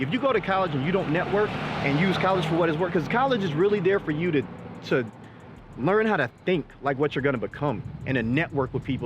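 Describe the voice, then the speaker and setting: A middle-aged man holds forth in blunt, profane rants, his voice sitting a little high. The audio is slightly dull, with faint traffic noise from outdoors near cars. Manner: blunt, profane, animated ranting. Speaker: vlog host. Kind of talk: casual chat.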